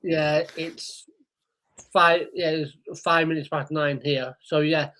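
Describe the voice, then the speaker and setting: A man co-hosting a casual podcast chat over a remote call, agreeable and halting, with many fillers. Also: a little high, steady tone, bright, forceful tone. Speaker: podcast co-host.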